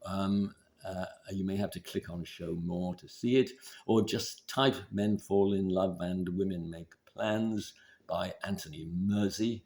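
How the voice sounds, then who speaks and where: A man giving relationship advice in a measured, deliberate instructional talk. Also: deep voice, gravelly. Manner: measured, deliberate, steady explaining.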